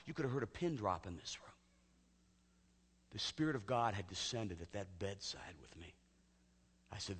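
A male pastor telling a personal story in a sermon, talking conversationally and often dropping to a hushed near-whisper. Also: medium pitch, animated, normal speed, pauses often, husky. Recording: long hall reverb.

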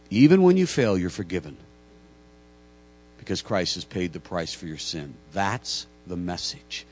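A man's voice: low voice, expressive, normal speed, long pauses, a little mellow, slight background noise. A man preaching a sermon as pastor, earnest and emphatic, often stammering over repeated words as he tells a story.

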